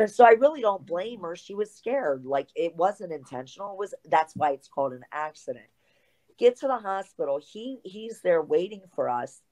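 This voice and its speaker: A woman's voice: lowish voice, moderate pace, rough recording. A middle-aged woman, a guest telling a story in a casual interview and acting out the lines of the people in it. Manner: animated storyteller acting out quoted dialogue, swears freely.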